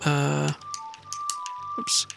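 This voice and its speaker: A man's voice: extremely slow, music in the background. A young man from South Wales with a mild Welsh accent, chatting in a meandering, self-deprecating way while streaming a game. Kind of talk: casual gameplay commentary.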